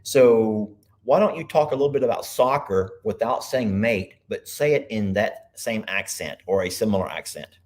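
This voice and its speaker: A man hosting a casual livestream from his computer, chatting loosely and thinking out loud as he goes. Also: lowish voice, moderate pace, few pauses. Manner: rambling, chatty, thinks aloud. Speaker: livestream host. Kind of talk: casual live chat.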